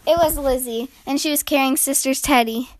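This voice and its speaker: A woman reading a children's picture book aloud in a slow, gentle, expressive way. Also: high voice. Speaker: storyteller.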